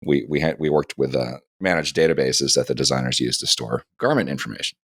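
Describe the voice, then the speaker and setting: A man's voice: rumbling low, animated, a little fast, fairly bright tone, husky, no echo, studio quality. A middle-aged man co-hosting a podcast, meandering through an anecdotal story in casual chat. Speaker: podcast co-host.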